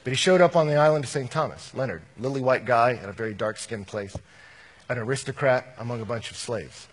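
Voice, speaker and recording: A man preaching a sermon as a pastor, telling personal stories, swinging from animated to quiet and intimate. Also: mid-range voice, brisk, slightly rough.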